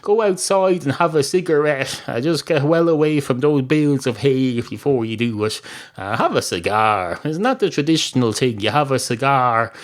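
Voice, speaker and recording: A man's voice: mid-range voice, moderate pace, close to an everyday voice. Cheeky rambling talking cat, Irish, offhand; man doing it in a comedy monologue. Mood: flippant.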